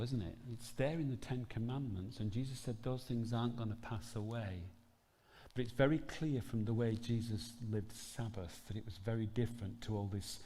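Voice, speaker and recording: A man's voice: lowish voice, warm tone, big-room sound, slight background noise. A man preaching a sermon in an earnest, conversational storytelling manner. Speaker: pastor.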